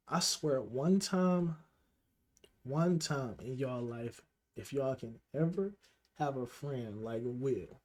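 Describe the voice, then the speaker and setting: A man's voice: mid-range voice, a little mellow. A young man from Illinois telling a personal storytime, candid and swearing often, emotional and holding back tears. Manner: candid, heavy slang, frequent swearing. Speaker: vlogger.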